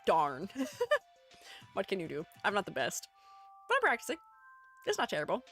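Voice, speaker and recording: A woman's voice: mid-range voice, wildly swooping pitch, moderate pace, pushed and bright, faint music behind. A woman streamer chatting casually while critiquing art, rambling and giggling at herself. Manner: rambling, giggly, self-deprecating. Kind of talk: casual live-stream chat.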